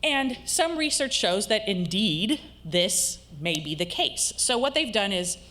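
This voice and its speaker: A woman's voice: mid-range voice, big pitch swings, a little slow, bright, forceful tone. A woman college instructor giving a recorded lecture, explaining step by step and checking in with her listeners.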